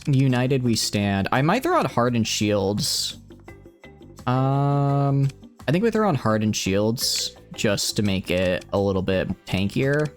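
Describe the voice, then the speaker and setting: Guy with hiccups streaming a game, thinks out loud, gets all excited, voice bouncing up and down. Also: medium pitch. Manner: thinks aloud, excitable, chatty with viewers. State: has hiccups. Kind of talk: live gameplay commentary.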